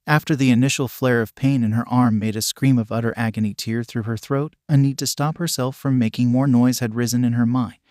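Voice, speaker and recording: A man narrating a fan fiction story in a steady, even storytelling manner. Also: mid-range voice, a little fast, hardly any pauses, no room sound, studio quality.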